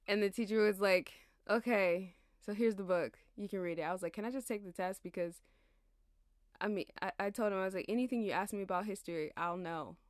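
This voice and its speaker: A woman's voice: mid-range voice, a little fast, no echo, studio quality. A young woman in her twenties rambling casually and tiredly about her life, chatty and slangy, laughing as she digresses. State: tired, yawning. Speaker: podcast host.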